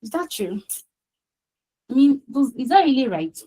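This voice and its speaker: A woman's voice: high voice, very animated, moderate pace, dark tone, husky, poor audio. A woman running a quiz over a video call. She talks in a chatty, coaxing way and often repeats phrases. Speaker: quiz host and session facilitator. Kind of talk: casual online quiz session.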